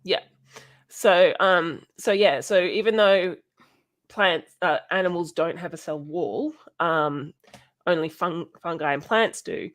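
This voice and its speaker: A woman hosting a casual educational chat, halting often with ums and restarts and laughing now and then. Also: lowish voice. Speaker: podcast host.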